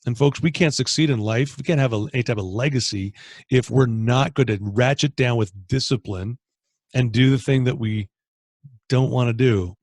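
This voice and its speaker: Energetic Canadian man coaching a group. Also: mid-range voice, moderate pace, no echo. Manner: energetic, animated, acts out inner dialogue. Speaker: training manager hosting a call. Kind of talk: motivational coaching talk. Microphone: video call.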